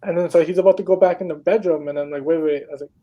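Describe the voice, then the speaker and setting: A man's voice: high voice, steady tone, racing, muffled recording. A young man co-hosting a podcast, telling stories in casual chat, full of "like"s. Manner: rambling storytelling, many "like"s. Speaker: podcast co-host.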